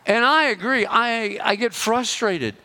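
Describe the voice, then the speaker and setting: A man preaching a sermon as pastor, slowing down and pressing hard on key phrases. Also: extremely high pitch, bright, forceful tone. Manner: emphatic, slows and rises on key phrases.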